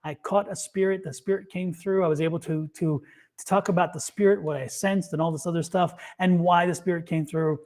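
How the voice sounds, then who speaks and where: A man in casual chat, telling an animated story and acting out what people said. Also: high voice, brisk. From United States. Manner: animated storyteller, acts out quotes. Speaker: psychic reader and co-host.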